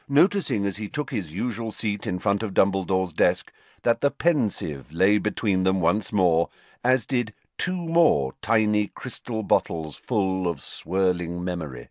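Lively low-voiced male storyteller. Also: measured pace, no room sound. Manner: expressive storytelling. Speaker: audiobook narrator. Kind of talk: scripted narration.

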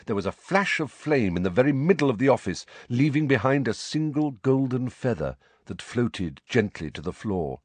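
A man narrating an audiobook in an expressive storytelling manner. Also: medium pitch, normal speed, few pauses, husky, dry recording.

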